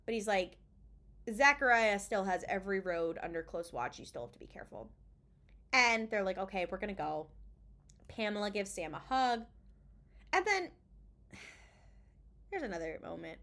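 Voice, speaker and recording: A woman podcaster in an excited recap, jumping into quick bits of the characters' dialogue as she goes. She talks in a loose, chatty way and swears freely, at an ordinary middle pitch. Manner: animated retelling, acting out lines in quick snatches, swears freely. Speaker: podcast co-host. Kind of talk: casual episode recap.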